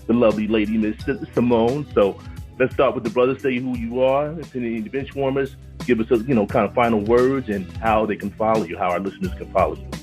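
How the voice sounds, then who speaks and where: A male talk show host speaking in a heartfelt, halting way, often restarting his sentences. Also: lowish voice, darkish tone. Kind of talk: emotional personal talk, then hosting. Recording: dull, lo-fi audio.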